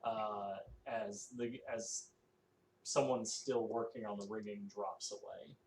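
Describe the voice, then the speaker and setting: A man narrating a tabletop game as game master, halting and full of fillers. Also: on the low side, fairly even intonation. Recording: echoey room, faint noise.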